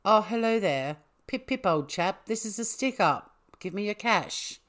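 A woman's voice: medium pitch, expressive, a little slow, fairly bright tone, pitched above the performer's own voice. A woman putting on a jokey, exaggerated posh English accent to play a male bank robber. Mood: hammy. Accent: put-on posh English.

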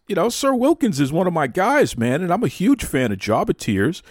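A man hosting a podcast, chatting casually in animated, mock-outraged banter. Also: high-pitched, moderate pace, few pauses, dry recording, studio quality. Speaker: podcast host. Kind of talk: casual chat.

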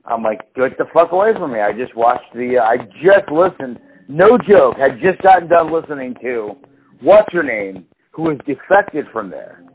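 A man's voice: medium pitch, normal speed. A man co-hosting a casual podcast chat, telling stories with lots of swearing and acting out what others said. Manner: animated storyteller, swears a lot, acts out quotes. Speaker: podcast co-host. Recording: tinny phone-like sound with faint hiss.

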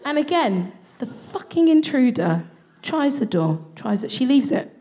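A woman co-hosting a comedy podcast, telling a comic story before a live audience in an animated, expletive-laden way. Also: high-pitched, moderate pace. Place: live venue stage. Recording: live audience and background noise.

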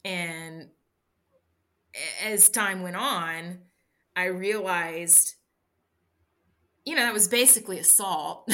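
A woman guest in an interview, recounting a personal story in a halting, candid way with many restarts. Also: mid-range voice, bright, forceful tone. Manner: halting, frequent restarts and fillers. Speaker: interview guest, bikepacking racer.

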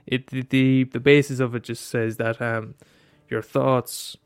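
A man's voice: mid-range voice, flat delivery, normal speed, clear, resonant tone, no room sound, faint music behind. A man in a rambling casual monologue, swearing often and restarting his sentences.

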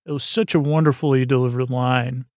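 A man's voice: mid-range voice, fairly even intonation, a little fast, a little mellow, no echo, muffled recording. A man hosting a podcast, casually recapping an episode in a rambling way with lots of filler words. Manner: rambling, filler-heavy retelling. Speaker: podcast host.

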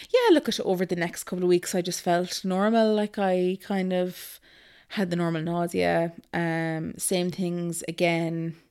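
A woman's voice: lowish voice, clean tone. A woman in her thirties telling a personal story in a casual interview, chatty, with many ums and likes. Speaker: guest.

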